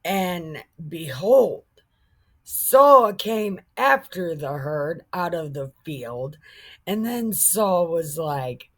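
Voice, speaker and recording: A woman's voice: lowish voice, animated, drawn-out words, slightly rough. A woman retelling a Bible story in a casual, irreverent way, joking, swearing, and stumbling over words.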